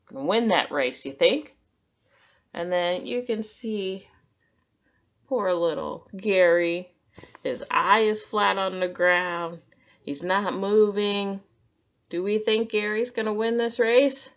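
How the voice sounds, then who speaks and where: A woman's voice: mid-range voice, takes it slowly. A woman teacher reading a picture book aloud to children, stopping to ask them questions. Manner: sympathetic, asks questions.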